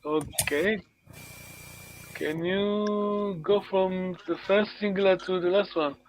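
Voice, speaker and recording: A man's voice: high voice, steady tone, takes it slowly, slight background noise, low-quality recording. A male language teacher giving an online lesson over a video call, patient and encouraging, often repeating words.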